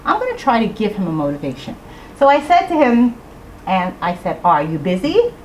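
A middle-aged woman telling a personal story to an audience in an animated way, acting out voices and rhyme lines. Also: a little high, fairly quick, slight background noise, poor audio. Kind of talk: storytelling talk.

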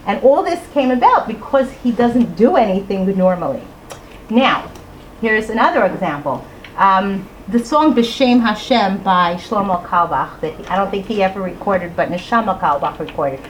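A middle-aged woman telling a personal story to an audience in an animated way, acting out voices and rhyme lines. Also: medium pitch, moderate pace, slight background noise, rough recording. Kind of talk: storytelling talk.

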